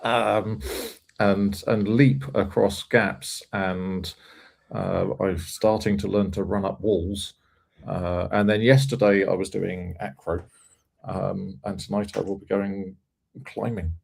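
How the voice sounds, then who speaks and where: A man hosts a coding stream in a loose, playful chat. His voice is fairly low, with a husky, gravelly texture. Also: little pitch movement, slow pace. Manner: playful, chatty. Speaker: host.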